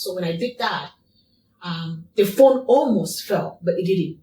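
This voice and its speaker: A woman's voice: fairly low pitch, lively intonation, measured pace, darkish tone, a little hiss or hum. Woman retelling her story, echoey and distant. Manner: repetitive, emphatic retelling. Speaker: interview guest. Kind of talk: personal story in an interview. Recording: echoey room, distant mic.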